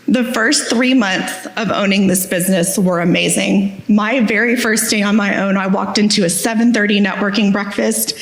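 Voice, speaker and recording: A woman's voice: mid-range voice, fairly even intonation, moderate pace, hardly any pauses. A woman giving a candid, self-deprecating talk on stage, telling her story with humor. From Texas. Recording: echoey hall.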